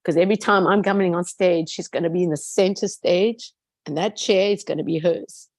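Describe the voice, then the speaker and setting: A woman's voice: fairly low pitch, fairly even intonation, a little fast, darkish tone, dry recording. A woman guest speaking earnestly and emphatically in a conversation, repeating words for stress as she shares a personal testimony.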